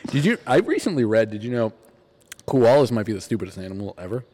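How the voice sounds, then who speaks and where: A man's voice: mid-range voice, big pitch swings, fast talker, warm tone, a little hiss or hum. A man co-hosting a casual podcast, blunt and profane, joking rants. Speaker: podcast co-host. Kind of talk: casual chat.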